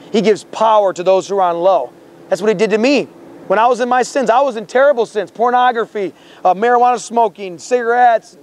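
A man street preaching outdoors on a campus, fervent and confrontational, quoting scripture and repeating his words. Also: high voice. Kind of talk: confrontational open-air preaching.

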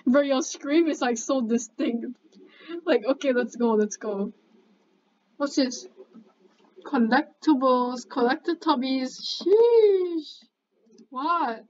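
A young woman, chatting excitably and bossily with a friend while commenting on a game, swearing casually. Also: sits high, slow, pauses often. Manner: excitable, chatty, bossy banter. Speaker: gamer. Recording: dull lo-fi mic, faint background noise.

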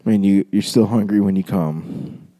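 A man's voice: fairly low pitch, moderate pace, mellow, slight background noise. A man co-hosting a comedy podcast, drawling through self-deprecating jokes and bursting into laughter. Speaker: podcast co-host. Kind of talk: casual comedic banter.

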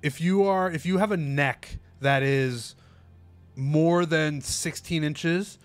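A man's voice: a little high, slow, dry recording, faint music behind. A young man who hosts a golf podcast, chatting casually and laid-back, often saying "dude" and swearing offhand. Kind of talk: casual chat.

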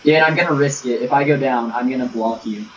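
A man's voice: medium pitch, a little fast. A young man chatting with teammates while gaming, crude and joking, bickering and telling stories. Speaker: gamer streaming with friends. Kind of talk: casual party chat over gameplay. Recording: distant, dull lo-fi mic with faint hiss.

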